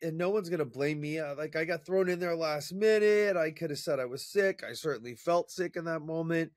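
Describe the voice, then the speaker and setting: A man's voice: fairly high pitch, brisk, no echo. Chatty man telling a story, dry sound. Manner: energetic, chatty storyteller with fillers and restarts. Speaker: interview guest, professional speaker. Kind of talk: casual storytelling in conversation.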